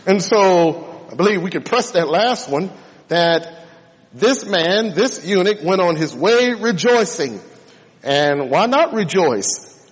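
A man's voice: on the high side, breathy edge. A man preaching a sermon, stressing and drawing out key words to make his points. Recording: long hall reverb.

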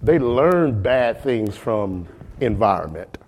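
A man's voice: on the low side, big pitch swings, slow, a little mellow. Man leading a Bible study, questioning the group. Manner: questions the group and checks in often; repeats words for emphasis.

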